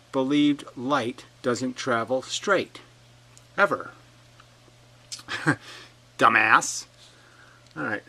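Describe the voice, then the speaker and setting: A man's voice: mid-range voice, sharp tone, rough recording. Combative man in a profane rant. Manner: reads out an opponent's comments and fires back. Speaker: video commentator. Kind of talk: ranting rebuttal monologue.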